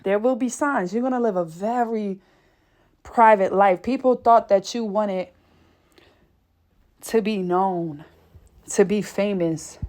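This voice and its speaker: A woman's voice: mid-range voice, slow, long pauses, darkish tone. A woman giving a fervent spiritual reading, out of breath, swearing casually and exclaiming often. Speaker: spiritual reader.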